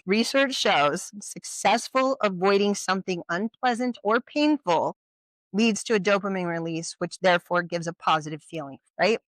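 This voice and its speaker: A presenter giving an informal educational talk at a community workshop. They speak conversationally, with frequent rhetorical questions and quick check-ins with the audience. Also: medium pitch, fairly bright tone, no room sound. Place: community event at a brewery.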